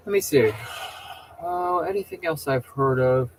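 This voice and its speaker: A man's voice: a little high, measured pace, slight background noise, rough recording. Rambling opinionated middle-aged man. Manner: rambling and opinionated, with frequent restarts and stammers. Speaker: host chatting with viewers. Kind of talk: casual rambling chat.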